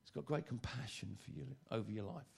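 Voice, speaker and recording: A man preaching a sermon, lively and joking, often stammering and repeating phrases. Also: mid-range voice, a little fast, gravelly, husky.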